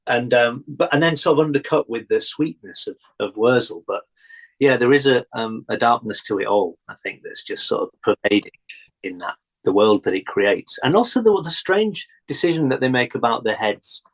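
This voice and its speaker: A man chats as a guest, retelling old memories with lively relish and frequent laughter. His voice sits at an ordinary middle pitch. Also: normal speed, poor audio. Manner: animated storytelling, laughs often. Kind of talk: casual chat.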